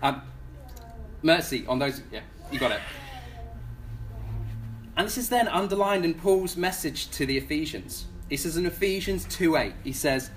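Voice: medium pitch, expressive, normal speed, long pauses, soft background music. A preacher delivering a sermon in a casual, conversational way, often repeating words and putting questions to the congregation.

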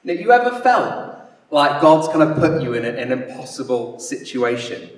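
A man's voice: mid-range voice, sing-song, moderate pace. A man preaching a sermon in a conversational, storytelling way, often acting out the people in his story. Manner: conversational, storytelling with acted-out voices. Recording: echoey hall, from a distance.

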